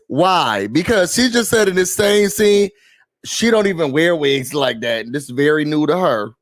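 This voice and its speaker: Sassy man ranting to his viewers. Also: on the high side. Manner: sassy, animated, talks straight to viewers. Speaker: YouTuber recapping a reality show. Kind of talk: casual rant-style recap. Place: indoor room.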